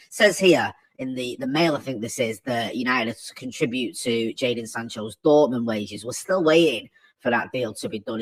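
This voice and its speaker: A man's voice: mid-range voice, breathy edge, poor audio. A man hosting a fan channel, giving casual, opinionated football news commentary and thinking aloud as he goes.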